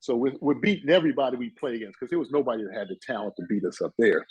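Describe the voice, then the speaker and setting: A man's voice: medium pitch, very fast, darkish tone, breathy edge, dry recording, low-quality recording. A man in his sixties from New York, a guest telling rambling stories full of "you know" and "uh". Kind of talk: casual storytelling chat.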